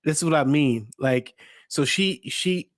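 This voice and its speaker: A man co-hosting a casual talk show, relaxed and joining in with short replies. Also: a little high, unhurried, no room sound, studio quality. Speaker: podcast co-host. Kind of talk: casual chat.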